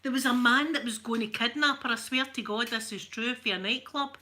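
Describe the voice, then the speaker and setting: Bright-voiced chatty Scottish woman. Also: a little high, fairly quick, slight background noise. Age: middle-aged. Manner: chatty, rambling storyteller. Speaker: ASMR creator. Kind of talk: casual chat while ironing.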